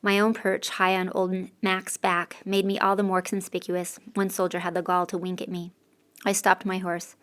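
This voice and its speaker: A woman's voice: on the low side, monotone, normal speed, fairly bright tone, smooth. A woman reading a first-person novel aloud as an audiobook narrator, with a dry, sardonic delivery.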